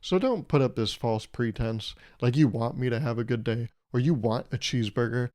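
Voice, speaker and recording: This podcast host is a young man whose medium-pitched, darkish voice moves at a normal speed. Alone on the mic, he rambles through comedic material in a sarcastic, mock-serious manner, cracking himself up along the way.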